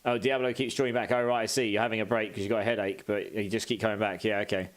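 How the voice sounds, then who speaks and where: A man's voice: lowish voice, flat delivery, quick pace. A British man streaming a game live, chatting casually as he reads out and answers viewer messages.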